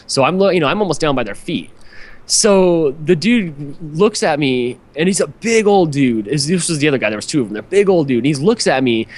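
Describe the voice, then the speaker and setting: A podcast host with a fairly high, lively voice tells a long, rambling story at a slightly quick clip. His casual chat is profane and packed with "like" fillers.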